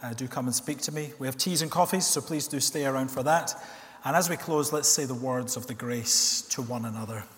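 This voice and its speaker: A man preaching a sermon in a church, earnest, asking rhetorical questions and slowing down to stress key words. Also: medium pitch, fairly bright tone. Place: church hall. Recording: long reverb of a church hall.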